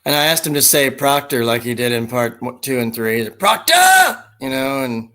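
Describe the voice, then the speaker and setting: A man in his forties chatting casually as a stream host, telling anecdotes and slipping into quick impressions. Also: mid-range voice, fairly even intonation, fairly bright tone, clean tone. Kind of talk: casual chat.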